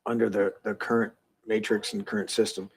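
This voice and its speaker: On the low side, with little pitch movement and a fairly quick pace, this man's voice carries a little hiss or hum. He hosts a political podcast, rambling and swearing casually and restarting often.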